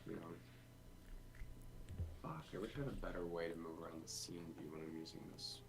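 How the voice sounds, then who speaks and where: Very low-voiced man rambling on a dev stream. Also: animated, a little fast, vocal fry, background noise. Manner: rambling, thinks aloud with many fillers. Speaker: game developer streaming. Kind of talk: casual dev stream chat.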